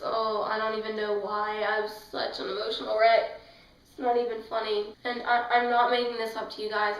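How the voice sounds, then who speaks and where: A woman's voice: medium pitch, a bit bright, echoey room, distant mic, rough recording. A woman reviewing a book in a casual vlog, gushing and emotional, rambling with fillers. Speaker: book vlogger.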